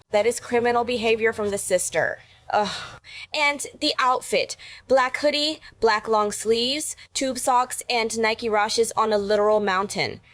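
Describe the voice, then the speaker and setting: A woman's voice: fairly high pitch, a bit bright, no room sound. A woman delivering scripted reaction commentary in a wry, sarcastic manner.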